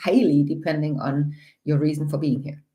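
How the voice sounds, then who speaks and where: A woman's voice: low voice, fairly even intonation, moderate pace, dark tone. A woman co-hosting a casual livestream, explaining practical rules plainly and informally from a home setup. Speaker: livestream co-host.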